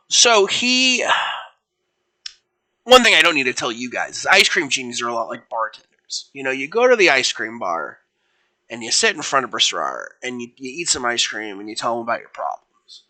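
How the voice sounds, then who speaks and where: Bright-voiced young man telling fan fiction. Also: medium pitch, big pitch swings, moderate pace, low-quality recording. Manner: rambling, with fillers and self-corrections; voices figures without putting on accents. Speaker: storyteller streaming fan fiction. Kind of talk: casual live stream narration.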